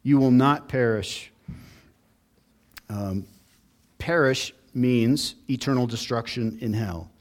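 A man's voice: mid-range voice, slow pace, long pauses. A man preaching a sermon as pastor, earnest and building emphasis on key points.

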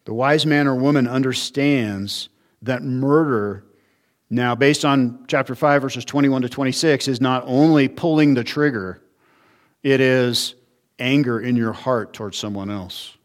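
A man preaching an expository sermon, sounding earnest as he works through the text. He asks rhetorical questions and answers them himself, pressing hard on some words and dropping low on others. His voice sits at an ordinary middle pitch for a man. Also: a little slow. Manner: earnest teaching, rhetorical questions, varied emphasis. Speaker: pastor.

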